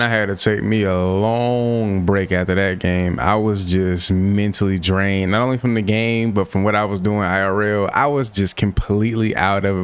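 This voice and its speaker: A young man giving casual commentary over a football video game, often frustrated and venting as he plays. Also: fairly low pitch. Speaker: gaming YouTuber.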